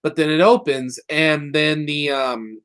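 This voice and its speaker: Rambling, excitable man. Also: a little high, slight background noise. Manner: rambling, excited retelling with quick put-on voices and swearing. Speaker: podcast co-host reviewing a cartoon episode. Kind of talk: casual chat.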